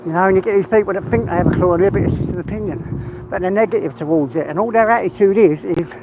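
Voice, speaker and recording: A man's voice: high voice, quick pace. A man with an English accent rambling casually in a walk-and-talk vlog while out of breath, talking now and then to his dog. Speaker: vlogger. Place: outdoors on a walk. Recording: noisy outdoor phone recording.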